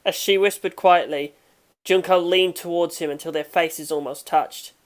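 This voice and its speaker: A woman narrating a fan audiobook in a steady, measured reading. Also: on the low side.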